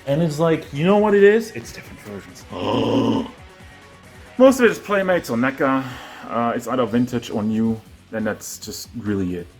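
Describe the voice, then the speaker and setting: Soft music sits under a medium-pitched male voice with lively intonation and a moderate pace. Moving around his house with a handheld camera, he gives a breathless, self-deprecating, meandering tour of his toys and figure shelves indoors.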